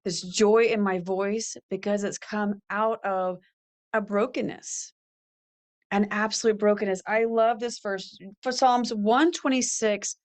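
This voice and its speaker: Slow, earnest woman podcast host. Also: medium pitch. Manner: earnest, preacherly, reads scripture aloud. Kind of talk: faith-based motivational talk.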